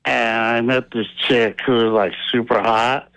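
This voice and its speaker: A man's voice: mid-range voice, fairly even intonation, measured pace, vocal fry, a bit bright, clear, resonant tone, rough recording. A man calling into a radio show, drawling and joking as he tells a story. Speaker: caller. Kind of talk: telling a joke on call-in radio.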